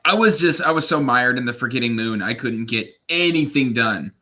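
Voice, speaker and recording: A man hosts a casual livestream with a bright, forceful tone. He chats loosely and pokes fun at himself, hesitating with plenty of fillers. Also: mid-range voice, animated, normal speed. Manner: chatty, self-deprecating, hesitant with fillers. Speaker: livestream host. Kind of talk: casual chat.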